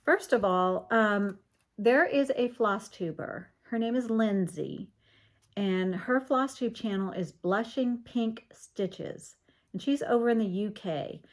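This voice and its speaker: A woman's voice: mid-range voice, takes it slowly. A middle-aged woman from Virginia chatting casually as she shows crafts on her vlog, gushing, with frequent ums. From Virginia, USA. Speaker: craft vlogger. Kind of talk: casual show-and-tell vlog.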